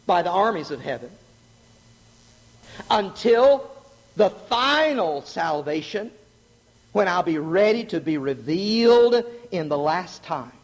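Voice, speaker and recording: A middle-aged man preaching a sermon, animated and joking, asking the congregation questions. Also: sits high. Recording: long hall reverb.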